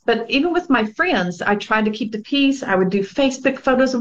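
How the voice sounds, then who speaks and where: A woman's voice: fairly high pitch, lively intonation, fairly quick, muffled recording. A woman in her forties candidly recounts her own experience as an interview guest. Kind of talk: personal testimony.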